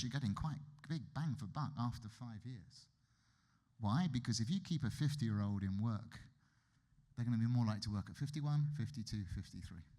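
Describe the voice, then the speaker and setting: A British man gives a conference keynote lecture, wry and conversational with emphatic asides. His voice is lowish and darkish, recorded in a reverberant hall.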